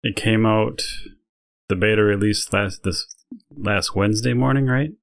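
Low-voiced man telling a rambling story. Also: measured pace, gravelly. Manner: rambling storytelling with many fillers. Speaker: podcast co-host. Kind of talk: casual chat.

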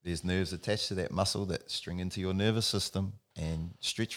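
A man coaching mobility in casual podcast chat, animated and acting out little voices, often saying bro. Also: low voice, normal speed, hardly any pauses. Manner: animated, acts out voices of the body, says bro.

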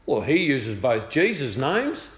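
An Australian man with a medium-pitched voice tells a story slowly in an echoey room with faint ambience. It's casual storytelling, a personal testimony delivered in a chatty, good-humoured way, with lively voiced quotes.

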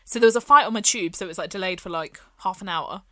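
A young woman, co-hosting a casual chat and telling a story in an animated way, acting out the people in it. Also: mid-range voice, fast talker, no room sound. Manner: animated storyteller, acts out quoted voices, laughs often. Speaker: podcast co-host.

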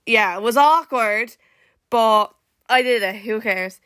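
A woman's voice: a little high, slow pace, fairly bright tone, no echo, studio quality. A woman with an Irish accent hosting a casual live-stream podcast, rambling along with lots of "like" fillers and restarts. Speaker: podcast host.

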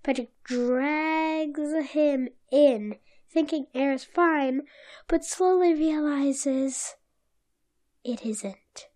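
A woman's voice: sits high, drawn-out words, darkish tone. A woman co-hosting a podcast, recounting a cartoon episode in blunt, offhand bits during casual chat. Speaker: podcast co-host.

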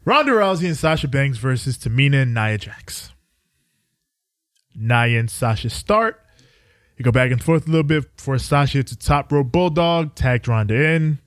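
A man's voice: mid-range voice, lively intonation, moderate pace, no echo, clean studio sound. A young adult man co-hosting a podcast, recounting events in casual chat. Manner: recounting events with loose acted quotes. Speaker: podcast co-host.

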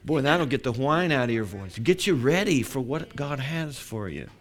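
A man's voice: medium pitch, sing-song, moderate pace. A man preaching a sermon as pastor, building to emphatic declarations.

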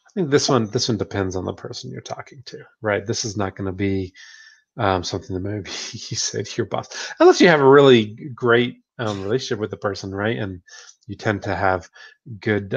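A man with a fairly low voice talks through ideas in an easy, conversational way. He laughs often and keeps checking in with little asides. The recording sounds dull and lo-fi. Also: moderate pace, vocal fry, husky. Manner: relaxed, chatty, laughs often, many "right?" tags. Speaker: podcast co-host, therapist. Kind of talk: casual book discussion.

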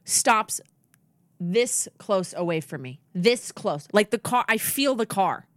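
A woman's voice: mid-range voice, slow, no room sound. A woman tells a heated story on a casual podcast, acting out every person in it and swearing freely. Her voice swoops up and down with real animation, and the sound is dry and close, with no room around it. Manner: animated, profane, acts out the other people in her story. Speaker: podcast co-host.

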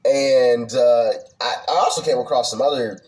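A man in casual podcast chat, talking haltingly and repeating words as he goes. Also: medium pitch, a little mellow, far from the mic, rough recording.

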